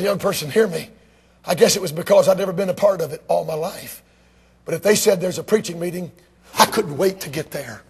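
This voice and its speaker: An older man preaching a sermon to a congregation, telling a personal story, swinging between hushed passages and shouted climaxes. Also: high-pitched, husky. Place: church before a congregation.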